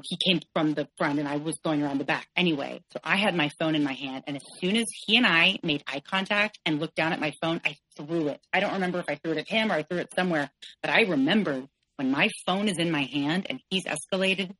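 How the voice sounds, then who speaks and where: A woman's voice: sits low, brisk, fairly bright tone, no room sound, low-quality recording. A woman in her forties, a podcast guest, telling a painful personal story candidly, often quoting what was said. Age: 40s. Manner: candid, tense retelling, quotes others in shifting voices.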